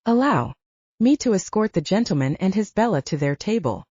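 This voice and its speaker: Woman doing a jovial Italian host, thick accent, lively and mellow, dull dry audiobook sound. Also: mid-range voice, normal speed, husky, dry recording. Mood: effusive. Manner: warm, effusive, theatrical. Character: loud jovial middle-aged Italian restaurant owner, big man.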